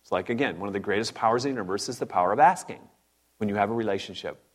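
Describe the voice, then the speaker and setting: A man preaching a sermon, fired up and animated, with joking asides to his congregation. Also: fairly low pitch, very fast.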